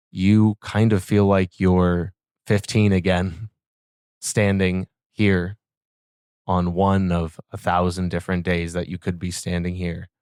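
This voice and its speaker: A man narrating a tabletop game as game master with slow, descriptive scene-setting. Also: low-pitched, a little mellow, smooth, dry recording, clean studio sound.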